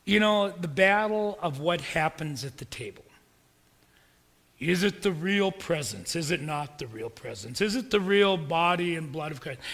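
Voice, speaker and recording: A man preaching a sermon as pastor, emphatic and repetitive, building up to forceful peaks. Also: on the high side, expressive, measured pace, long reverb tail.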